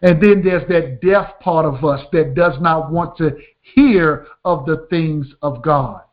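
A man with a high voice delivers a radio sermon, pressing each point home and checking that his listeners follow. The sound is dull and lo-fi, like an old broadcast. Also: slow. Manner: emphatic, repeats "did you get that?". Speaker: preacher.

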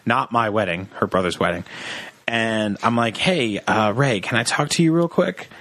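A young man on a comedy podcast, telling a long personal story in an animated, joking way and acting out the people in it. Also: on the low side, normal speed, dry recording. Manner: animated storyteller, acts out quoted voices. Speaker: podcast co-host.

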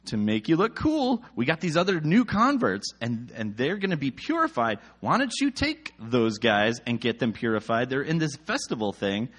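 A young man preaching casually, retelling a Bible story in slangy, animated speech and jumping into quoted voices. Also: mid-range voice, normal speed, few pauses.

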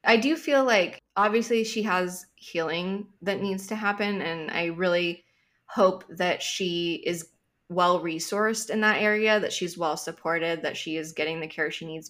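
A woman's voice: on the low side, fairly bright tone. A woman astrologer talking casually on a podcast, thoughtful and emphatic, with frequent hedging asides. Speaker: astrologer guest.

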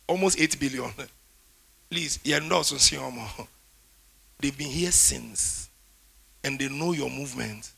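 A man preaching a sermon, emphatic, with declarations that rise loud toward the end. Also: fairly high pitch, creaky, husky.

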